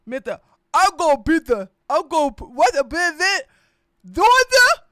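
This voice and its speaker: A woman's voice: very high-pitched, very animated, no room sound, clean studio sound, pitched above the performer's own voice, exaggerated voice. A woman putting on the voice of a mumbling, stammering middle-aged male politician, speaking with a lisp. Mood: boastful. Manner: loud, halting, repeats words, speaks with a lisp.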